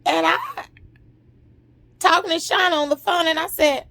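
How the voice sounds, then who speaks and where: A middle-aged woman telling an emotional personal story in a slow, dramatic way, sometimes dropping to a hush. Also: very high-pitched, fairly even intonation, no room sound. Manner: slow, dramatic, drops to a hushed near-whisper at emotional points.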